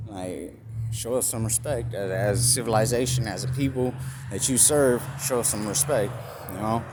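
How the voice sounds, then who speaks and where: A man casually retelling a story to his phone camera, acting out both sides of the talk, with loose swearing. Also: lowish voice. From California. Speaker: vlogger. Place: outdoors at a store parking lot. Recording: noisy outdoor recording with passing traffic.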